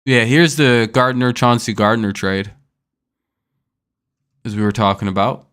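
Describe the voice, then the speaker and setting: Young man, live-stream host, smooth clear voice, casual and profane, irritated ranting. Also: mid-range voice, a little slow, fairly bright tone.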